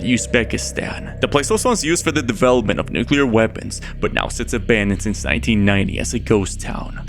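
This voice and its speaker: A man giving scripted narration for a scary video countdown, in a steady, measured storytelling delivery. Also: mid-range voice. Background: loud background music.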